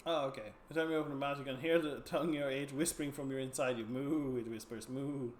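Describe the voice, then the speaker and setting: A man's voice: mid-range voice, steady tone, racing. A man streaming a game and reading its text aloud, thinking through his options in a loose, musing way. His voice sits in an ordinary middle range. The room gives it a roomy echo, with a faint hiss behind. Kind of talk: casual game narration and commentary.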